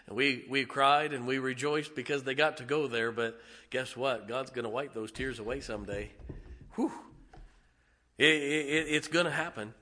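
Impassioned preacher man, bright and forceful. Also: medium pitch, moderate pace. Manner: swings from shouting emphasis to hushed, tender asides. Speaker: pastor. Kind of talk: sermon. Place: church sanctuary.

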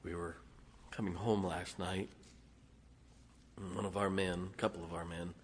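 A male pastor preaching a sermon in a folksy way, dropping to hushed tones and then rising to loud exclamations. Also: sits low, level tone, normal speed, a little hiss or hum. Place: church sanctuary. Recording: long hall reverb.

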